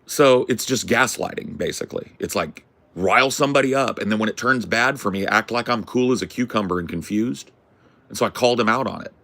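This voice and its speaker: A man hosting a podcast, telling a rambling story in a casual, profane, animated way. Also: fairly low pitch, fairly quick. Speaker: podcast host.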